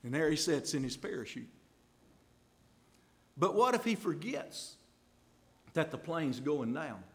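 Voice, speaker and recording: A man preaching with real fire, his voice sitting high and leaping all over the place. He talks straight to the congregation in a folksy way. He drops to hushed asides, then builds to loud, ringing peaks. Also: very animated, a little slow. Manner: impassioned, swings from hushed to loud climaxes. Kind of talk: sermon.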